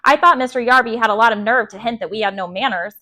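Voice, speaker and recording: A woman storyteller reading a children's chapter book aloud at bedtime, steady and gentle. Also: fairly high pitch, fast.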